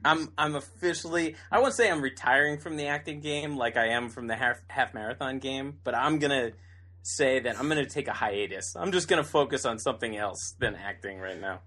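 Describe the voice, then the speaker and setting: A man's voice: mid-range voice, fairly quick, sharp tone. A man co-hosting a podcast, chatting casually with dry teasing humor and frequent laughs. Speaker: podcast co-host. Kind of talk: casual chat.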